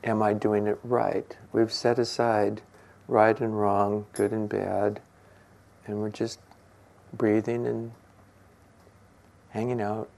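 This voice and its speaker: An older man giving a relaxed, musing meditation talk, gentle and quick to laugh. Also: fairly low pitch, gravelly. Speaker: meditation teacher.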